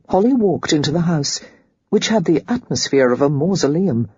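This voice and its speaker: An audiobook narrator giving steady, measured scripted narration of a novel. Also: mid-range voice, husky, no echo, muffled recording.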